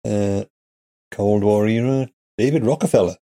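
A man co-hosting a casual podcast, chatting and reading aloud haltingly, laughing often. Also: lowish voice, warm tone. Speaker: podcast co-host. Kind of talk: casual chat.

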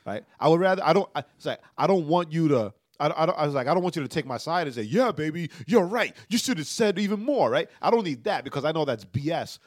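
A pastor shares a painful personal story on a casual podcast, emotional and tearful yet earnest, often checking in with "right?" His voice is on the high side with lively intonation, racing along with hardly any pauses, recorded clean in a studio without echo.

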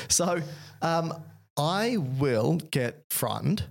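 A man's voice: mid-range voice, normal speed, darkish tone. Joking man explaining physiology. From Australia. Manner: playful, jokey, explains step by step. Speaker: podcast co-host. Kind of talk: casual educational chat.

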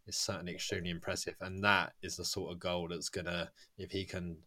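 Male podcast host, lowish voice, loose chat full of ums and laughs. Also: little pitch movement, fast talker, sharp tone. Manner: chatty, laughs often, many fillers. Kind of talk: casual football podcast chat.

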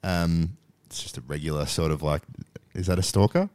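A man co-hosting a podcast, laid-back and swearing, slowly reading out listener messages. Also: deep voice, darkish tone. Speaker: podcast co-host.

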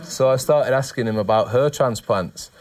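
A man's voice: mid-range voice, normal speed, darkish tone. A man from the north of England, a guest in a casual chat, telling self-mocking stories and laughing often. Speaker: guest, former cricketer.

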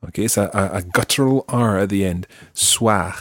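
A man with a Scottish accent teaching a podcast language lesson and repeating words slowly for the learner. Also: lowish voice, breathy edge, dry recording, clean studio sound. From Scotland.

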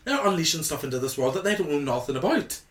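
A man with a Northern Irish accent talks fast in casual podcast chat, ranting with mock indignation. His voice bounces around a roomy space. Clear background noise sits under him. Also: on the high side, very animated. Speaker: podcast co-host.

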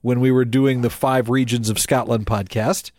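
A man's voice: mid-range voice, level tone, normal speed, a little mellow, no echo, studio quality. A man co-hosting a casual podcast chat. He laughs often and trails off with fillers. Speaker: podcast co-host.

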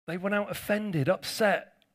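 A man's voice: sits high, a little slow, fairly bright tone. A male pastor preaching a conversational sermon, with jokey asides to his congregation.

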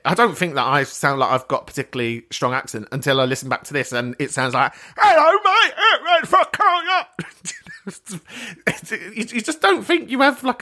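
A London-accented man hosts a podcast in a loose, chatty way. He drifts between tangents and laughs often. His voice sounds bright and forward. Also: fairly high pitch. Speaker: podcast host. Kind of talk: casual podcast chat.

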